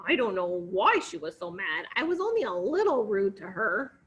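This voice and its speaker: A woman voicing a cheeky male frog who was once a prince, croaky and wheedling. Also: mid-range voice, sing-song, moderate pace, highs cut off, lightly acted. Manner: wheedling, coaxing.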